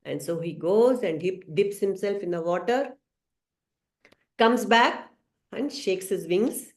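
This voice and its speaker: A woman teaching a scripture study class, telling a story gently with some hesitant fillers. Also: mid-range voice, takes it slowly. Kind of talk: storytelling lesson. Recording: roomy echo.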